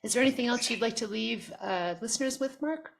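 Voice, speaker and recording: A woman's voice: a little high, fairly quick, gravelly. A woman hosting an interview, thanking her guest and asking brief, polite closing questions. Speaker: host. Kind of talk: interview wrap-up.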